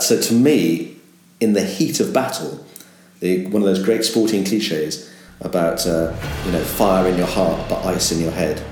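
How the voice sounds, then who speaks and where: A sports broadcaster with a very low voice speaks in a reflective, emphatic way. He often stumbles and repeats words as he starts each point. His voice echoes around the room. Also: darkish tone. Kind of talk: reflective interview talk.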